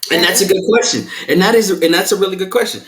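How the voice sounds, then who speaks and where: A man's voice: sits high, fast, fairly bright tone, reverberant. A man, a guest in a candid discussion who talks in a playful way and often restarts his sentences. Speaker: podcast guest.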